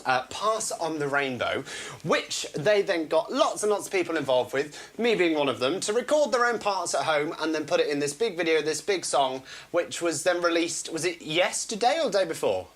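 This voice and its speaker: A woman's voice: low voice, fairly bright tone. A woman hosting a live online chat show, giggly and rambling as she talks to viewers and a guest.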